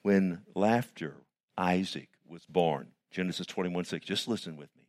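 Lively man preaching a sermon. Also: low voice, measured pace. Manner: animated preaching, rhetorical questions, addresses listeners as "loved one". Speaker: pastor.

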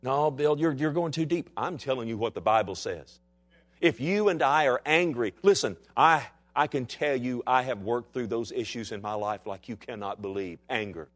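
A man preaching a sermon in a dramatic style. His voice sits at a middling pitch and keeps swinging from forceful, urgent passages to quiet, intense ones. He acts out the voices of the people he quotes. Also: expressive, moderate pace. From Texas. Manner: dramatic preaching with wide swings from loud to hushed. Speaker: pastor.

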